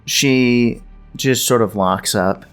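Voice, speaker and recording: A man's voice: medium pitch, slow, a bit bright, smooth, faint music behind. A man narrating as game master, loose and hesitant, with many fillers.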